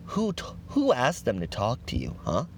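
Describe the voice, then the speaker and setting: A man delivering an intense, profanity-heavy motivational rant, swearing constantly and breaking into shouted bursts. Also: medium pitch, wildly swooping pitch, normal speed, a little hiss or hum. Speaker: motivational speaker.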